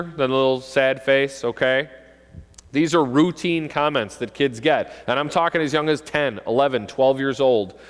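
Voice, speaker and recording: Man, middle-aged, police officer, animated presentation, long hall reverb. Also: mid-range voice, normal speed. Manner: animated storyteller, acts out kids' voices. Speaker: police officer giving a talk to parents. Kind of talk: presentation to an audience. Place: school hall.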